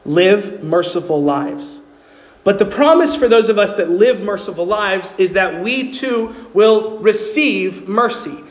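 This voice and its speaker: A man's voice: high-pitched, animated, unhurried. A man preaching a sermon as pastor, earnestly asking his congregation questions as he explains. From New York City. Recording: long hall reverb.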